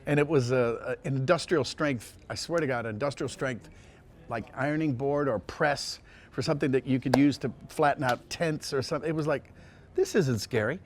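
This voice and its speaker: A male voice actor telling casual anecdotes in an interview, rambling with many restarts and sliding into quick impressions. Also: mid-range voice. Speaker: voice actor guest.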